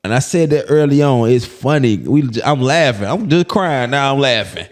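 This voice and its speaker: A comedian from Birmingham, telling stories in a casual interview, full of restarts and laughter. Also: male voice, medium pitch, moderate pace. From Birmingham, Alabama. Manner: animated, repetitive restarts, laughing as he tells stories. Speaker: comedian guest.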